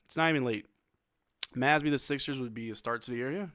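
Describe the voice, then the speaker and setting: Bright-voiced sleepy fan streamer. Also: male voice, mid-range voice, quick pace, clean tone, dry recording, studio quality. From New Zealand. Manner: blunt, swings between flat dismay and sudden shouts. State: yawning, sleepy late at night. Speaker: live stream watch-along host. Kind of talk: casual play-by-play and chat.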